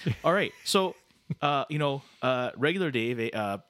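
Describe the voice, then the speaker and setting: A man's voice: mid-range voice, lively intonation, normal speed, fairly bright tone, no room sound, close to an everyday voice. A man voicing a friendly, joking Canadian game show host with a put-on Canadian accent, saying "eh" and "buddy" constantly. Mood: jovial. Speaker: podcast co-host.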